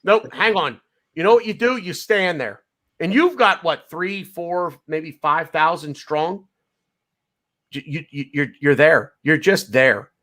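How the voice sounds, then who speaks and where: A man's voice: on the high side, measured pace, pushed and bright. An American man hosting a podcast, worked up and swearing, repeating phrases and talking over the others. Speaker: podcast host. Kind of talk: heated podcast rant.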